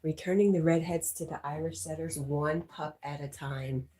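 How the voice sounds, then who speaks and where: A woman's voice: low-pitched, steady tone, moderate pace, dark tone. A woman hosting a livestream, chatting casually and teasing as she reads viewer comments aloud, laughing often. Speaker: livestream host.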